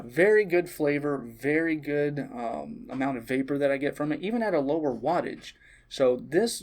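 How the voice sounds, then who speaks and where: A man on a vape shop's staff giving a casual product review, easygoing and sprinkled with ums and uhs. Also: medium pitch.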